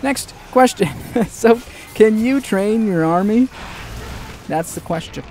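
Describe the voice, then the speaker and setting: A man with a high, bright-pitched voice hosts casual game news, excitable and fond of playful asides. He speaks in a loose, chatty commentary manner. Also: a little hiss or hum. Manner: excitable and jokey, with quick asides. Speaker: gaming news host.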